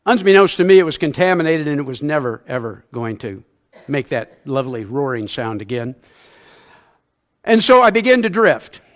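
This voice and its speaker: Older man preaching, folksy and high-voiced. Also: sing-song, normal speed. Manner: self-deprecating, folksy storyteller; acts out sounds and quotes in his stories. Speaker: church elder preaching. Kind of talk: sermon with personal storytelling.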